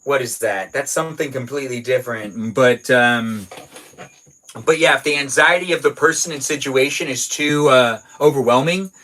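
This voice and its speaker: A man's voice: mid-range voice, moderate pace, sharp tone, rough recording. A man hosting a casual livestream from his garage, chatting in a rambling, playful way as he answers viewer messages aloud. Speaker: livestream host reading viewer chat. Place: home garage.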